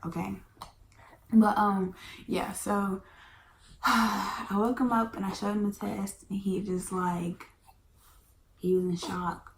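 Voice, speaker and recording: A woman's voice: medium pitch, slow pace, pauses often. A woman, telling a storytime in a casual chatty way, sometimes dropping to a whisper. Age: 20s. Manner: chatty, animated, drops into whispers. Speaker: vlogger. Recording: echoey room, faint background hum.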